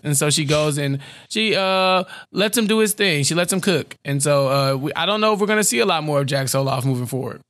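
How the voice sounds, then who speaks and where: Animated man podcast co-host. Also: on the high side, dry recording. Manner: animated, acts out characters' lines in quick bursts. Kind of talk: casual recap chat.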